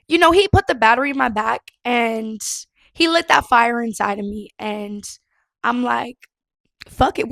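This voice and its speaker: A young woman hosting her own podcast in a casual, expressive chat, swearing freely and laughing often. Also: fairly high pitch, creaky, no room sound. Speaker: podcast host.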